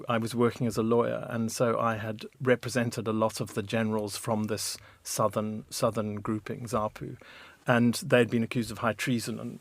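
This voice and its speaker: A middle-aged man from Zimbabwe speaking as a radio interview guest, thoughtful and halting, often restarting his sentences. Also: lowish voice, dry recording. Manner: halting, with frequent restarts and "you know". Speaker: memoirist guest. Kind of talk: reflective conversational interview. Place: radio studio.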